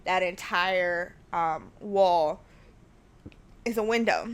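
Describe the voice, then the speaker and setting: A woman's voice: on the low side, slow pace, smooth. Rambling woman podcast host at home. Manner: rambling, excitable, often dropping to a whisper. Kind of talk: casual solo chat. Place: her living room at home. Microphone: studio mic at home.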